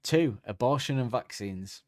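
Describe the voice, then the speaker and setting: A man's voice: mid-range voice, animated, unhurried. A man, co-hosting a comedy podcast in casual chat and slipping into silly voices. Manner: joking, slips into silly put-on voices. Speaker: podcast co-host.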